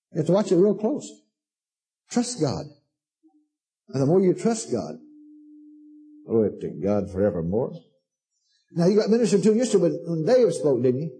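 A fervent male preacher with a high, husky voice, soft and mellow rather than bright. He speaks emphatically and repeats his lines, calling listeners "honey" and "darling" as he exhorts them. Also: poor audio. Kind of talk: sermon to a congregation.

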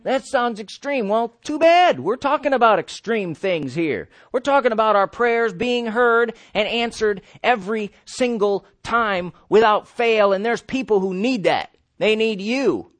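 A man with a notably high voice preaches a sermon with emphasis, tossing out questions and answering them himself. His delivery is insistent, with an occasional chuckle. The recording is close and dry, with no room sound. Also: lively intonation, measured pace, hardly any pauses, fairly bright tone, dry recording.

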